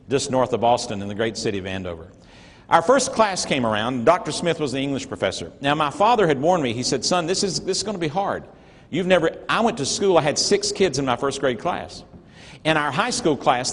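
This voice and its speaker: Middle-aged man, earnest motivational speaker, slightly high voice, reverberant hall. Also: a little hiss or hum. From North Georgia, USA. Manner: earnest, folksy storyteller with emphatic swings in loudness. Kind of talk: storytelling keynote speech to a live audience.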